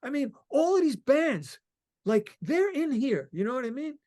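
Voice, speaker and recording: A middle-aged man from Long Island, a musician guest telling stories in a rambling, excited way and swearing freely. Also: very high-pitched, normal speed. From Long Island, New York. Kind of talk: casual interview chat.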